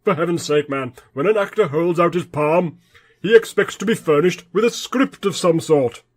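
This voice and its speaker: A man's voice: a little high, normal speed, natural voice. A man playing a pompous theatrical actor. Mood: indignant. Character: pompous vain old stage actor, male. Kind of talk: sketch comedy acting.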